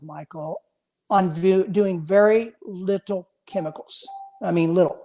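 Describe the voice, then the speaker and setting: A man's voice: high voice, unhurried, mellow. A man in his fifties, a guest on a video-call interview, tells long stories in an earnest, casual way. He often repeats a word or two as he gets going, and he speaks frankly and directly. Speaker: interview guest, former pro bodybuilder.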